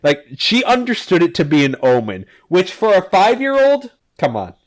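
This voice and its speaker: A man's voice: high-pitched, wildly swooping pitch, moderate pace. A man hosting a casual podcast, recapping comics in a rambling, filler-heavy way with the odd swear. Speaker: podcast host.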